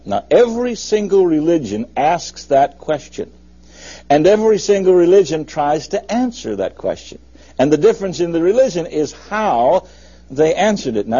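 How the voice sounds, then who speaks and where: A husky male preacher delivers a folksy, emphatic sermon, his voice swinging between high and low. His tone is mellow and dark. The recording is dull and muffled. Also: moderate pace. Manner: folksy, emphatic preaching with lively rises and drops.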